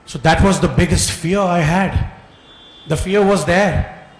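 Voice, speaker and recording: A middle-aged man with an Indian accent gives a lively motivational talk to students, telling stories and putting questions to the audience. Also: high-pitched, a little slow, husky, rough recording. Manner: animated storyteller, asks the audience questions, mixes Hindi into English. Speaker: guest speaker.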